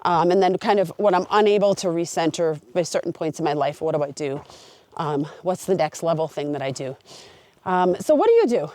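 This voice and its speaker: A woman's voice: lowish voice, animated, brisk, a little mellow, dry recording. A woman hiking a long trail, talking to her camera outdoors in an earnest, open and heartfelt way. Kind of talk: reflective talk to camera.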